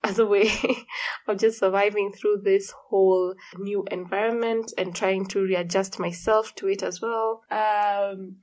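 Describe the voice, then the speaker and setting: A young woman hosting her podcast in casual chat, a little hoarse and tired, laughing often, in an echoey room with a high ceiling. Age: young adult. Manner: relaxed, chatty, laughs often. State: hoarse morning voice. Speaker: podcast host. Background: noisy fridge.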